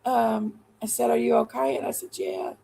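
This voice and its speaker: A woman's voice: fairly high pitch, flat delivery, normal speed, vocal fry, warm tone, a little hiss or hum, low-quality recording. A woman hosting a livestream, rambling along in folksy, casual chat with her viewers. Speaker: livestream host.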